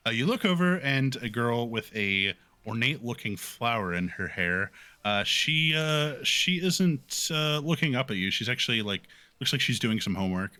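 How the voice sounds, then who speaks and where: Bright, animated male game master. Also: mid-range voice, normal speed, no room sound. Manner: loose, rambling, filler-heavy. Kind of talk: narrating a tabletop game.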